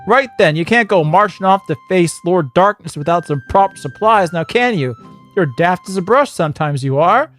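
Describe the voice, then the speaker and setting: A man doing a loud young woman adventurer in a hammy put-on British accent, slightly high and always at full volume, full of folksy slang. She bosses her companion around like an old friend. Soft background music hums under the voice. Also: expressive, normal speed. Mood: bossy.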